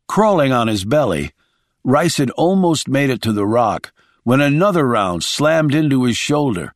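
A man's voice: mid-range voice, big pitch swings, normal speed, no echo, studio quality. A man reading a thriller audiobook in a dramatic storytelling voice. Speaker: audiobook narrator. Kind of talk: scripted thriller narration.

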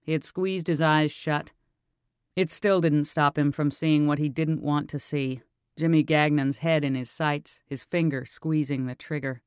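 A man reading an audiobook, narrating with steady tension. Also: a little high, unhurried, clean tone, no echo, clean studio sound.

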